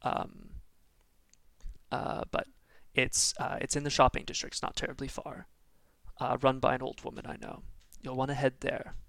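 A man voicing a secretive, jittery male contact who speaks in a hushed, halting, hurried way. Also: mid-range voice, completely flat delivery, vocal fry, no echo. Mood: hushed urgent.

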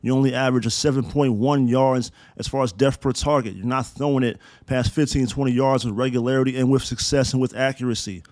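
A man hosting a solo sports podcast, talking in an excitable, emphatic way and swearing freely. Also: mid-range voice, a little fast, hardly any pauses, no echo. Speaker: podcast host.

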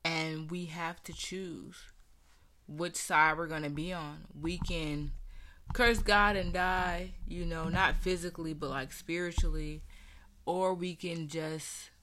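A young woman talks through her faith story in a relaxed, earnest way, full of casual fillers. Her voice sits a little low but sounds bright and clear. She speaks at a slow, unhurried pace. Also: a little hiss or hum. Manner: earnest, conversational, frequent fillers. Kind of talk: casual personal testimony.

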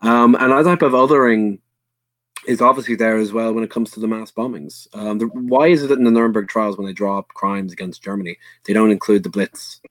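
An Irish man talks history on a podcast in a low, dry voice. He speaks with earnest bluntness, stops and restarts a lot, and swears now and then. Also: steady tone, a little fast, no room sound. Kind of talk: casual history discussion.

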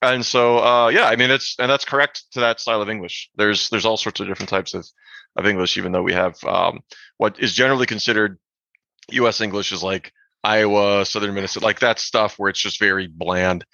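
A man co-hosting a podcast, chatting casually and rambling about language with animated asides. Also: lowish voice, fairly quick, gravelly, dry recording, muffled recording. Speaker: podcast co-host. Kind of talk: casual chat.

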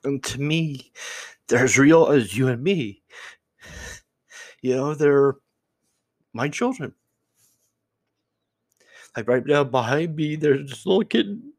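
Brief: male podcast host, unscripted musing, halting restarts, emotional tremble, dry close sound. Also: mid-range voice, darkish tone, dry recording. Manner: reflective, rambling with restarts and repeated words. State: choked up, voice trembling.

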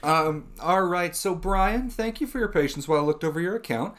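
A man's voice: sits high, a little fast, a bit bright, slight background noise. A young man co-hosting a casual podcast chat who slips into a polite, scripted customer service voice. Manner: polite scripted phone-agent tone. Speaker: podcast co-host.

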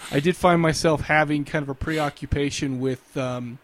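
A man hosts a podcast in loose, casual chat. He rambles and hesitates, filling gaps with ums and uhs. His voice sits a bit high. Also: fairly even intonation, moderate pace, no room sound. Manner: rambling, hesitant, many fillers. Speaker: podcast host.

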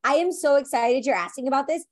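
Chatty actress, animated storyteller. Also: female voice, high voice, quick pace. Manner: chatty, frequent "like" and "you know". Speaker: actress guest. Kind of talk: conversational interview.

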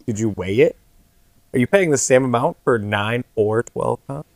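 A man's voice: mid-range voice, normal speed, vocal fry, darkish tone, no echo. A young man in a casual podcast chat, mocking his friend with crude wisecracks. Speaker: co-host friend.

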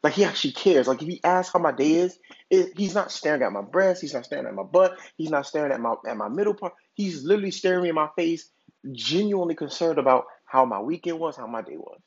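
A man's voice: fairly high pitch, expressive, fast, a little hiss or hum. A man hosting a podcast, telling a long hypothetical story in a casual, rambling way with lots of filler words and restarts. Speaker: podcast host. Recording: dull lo-fi recording.

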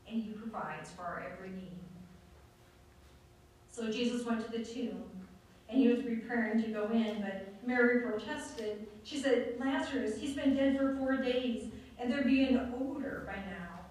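Woman preaching in an echoing hall. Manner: earnest, dramatic scripture reading with slow emphatic pauses. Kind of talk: sermon. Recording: echoey room, distant mic, faint rumble.

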